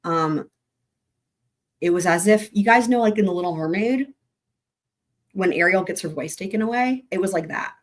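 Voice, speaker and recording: Hosting a true-crime livestream, a woman talks in a fairly low voice at a moderate pace, leaving long pauses. Her voice is still on the mend after a week without it, yet she speaks bluntly and emphatically, swearing freely.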